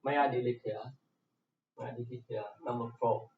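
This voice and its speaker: A man with a Vietnamese accent, a native Vietnamese speaker teaching an English class, going very slowly and saying each word several times over. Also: medium pitch, fairly even intonation, gravelly, slight background noise. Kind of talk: slow classroom explanation. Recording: echoey room, dull lo-fi sound.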